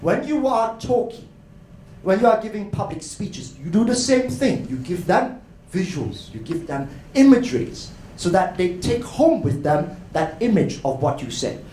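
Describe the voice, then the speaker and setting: A man giving an animated educational talk at a conference, often addressing the crowd as ladies and gentlemen. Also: sits high, normal speed. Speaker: conference speaker. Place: hotel conference hall. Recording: echoey hall, faint noise.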